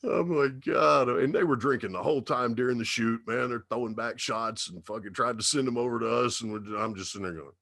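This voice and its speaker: A man's voice: mid-range voice, a little fast, few pauses, fairly bright tone, dry recording, clean studio sound. A man, a radio DJ appearing as a guest, telling rambling stories in casual talk with heavy swearing and laughter.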